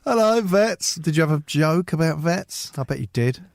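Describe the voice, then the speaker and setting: Lively man telling comic stories. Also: a little high, moderate pace, creaky, no room sound, studio quality. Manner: laughing storyteller, acts out voices. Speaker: radio guest. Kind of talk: comic anecdotes on radio.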